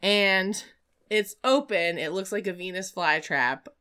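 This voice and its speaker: Woman, podcast host, casual chat, animated storytelling, very bright tone, crystal-clear voice. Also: mid-range voice, measured pace. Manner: animated storytelling, acts out scenes with shouts. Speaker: podcast host recapping films.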